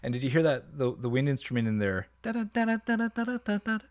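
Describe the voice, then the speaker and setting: A man reviewing a song in casual commentary, enthusiastic and halting, with many restarts and fillers. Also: medium pitch, darkish tone. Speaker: music reviewer.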